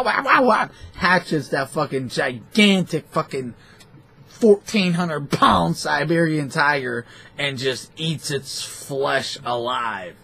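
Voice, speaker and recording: Husky, foul-mouthed man ranting. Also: fairly high pitch. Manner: foul-mouthed, animated, scornful. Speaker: boxing talk show host. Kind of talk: profane rambling rant.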